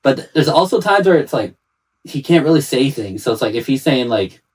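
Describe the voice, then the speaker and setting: A man's voice: mid-range voice, animated, fairly quick, darkish tone, slightly rough, rough recording. A man talks in a loose, conversational way, stacking his stories with fillers and restarts. His voice sits in a middle range. It is an unscripted podcast chat. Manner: rambling storyteller, heavy use of "like". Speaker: podcast guest, father. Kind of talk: casual chat.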